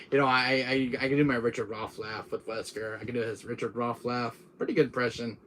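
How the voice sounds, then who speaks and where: A man's voice: medium pitch, little pitch movement, fairly quick, hardly any pauses, a bit bright. A man, a gaming YouTuber, chatting casually and in a friendly way to a viewer, rambling with many restarts.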